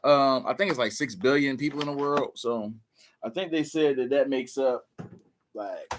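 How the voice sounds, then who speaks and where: A man's voice: mid-range voice, normal speed, a little hiss or hum. A man vlogging with casual commentary, loose and slangy, full of "like" and "man".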